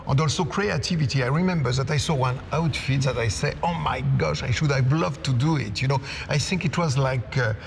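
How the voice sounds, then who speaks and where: A man's voice: mid-range voice, brisk, gravelly, few pauses. A man speaking enthusiastically and admiringly in an interview with a designer. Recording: reverberant hall, faint noise.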